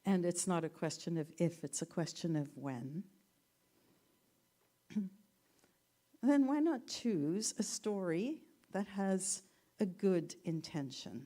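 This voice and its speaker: A woman minister giving a sermon, telling stories gently with playful asides. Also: fairly low pitch, very animated, slow, pauses often. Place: church sanctuary.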